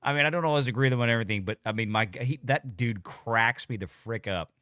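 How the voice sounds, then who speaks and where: A man's voice: mid-range voice, quick pace, bright, forceful tone, clear, resonant tone, no room sound, clean studio sound. A man hosting a live political talk stream, chatting casually with many restarts and easy laughs. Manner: rambling, frequent restarts, laughs easily.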